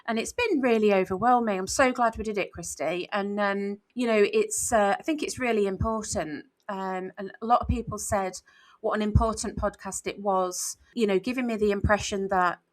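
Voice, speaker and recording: A woman's voice: mid-range voice, moderate pace, poor audio. Woman, 40s, author co-host; candid, reflective podcast chat, lots of "you know"s.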